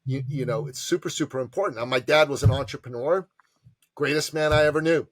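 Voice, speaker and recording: A man, an entrepreneur advisor and podcast guest, telling stories with passion and emphasis and acting out quotes in lively voices. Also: mid-range voice, a little fast, dry recording. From immigrant to Canada from a tyrannical country. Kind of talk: animated storytelling interview.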